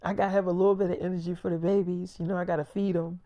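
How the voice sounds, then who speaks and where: Soft-spoken young wife, voiced by a male storyteller, hushed intimate tone, dry mic. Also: high-pitched, level tone, very fast, no echo. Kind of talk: freestyle storytelling.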